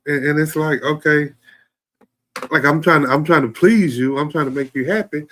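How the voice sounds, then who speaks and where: A man's voice: on the high side, moderate pace, fairly bright tone, slight background noise. A man co-hosting a casual relationship podcast, speaking emphatically and repeating himself to drive a point home. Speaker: podcast co-host.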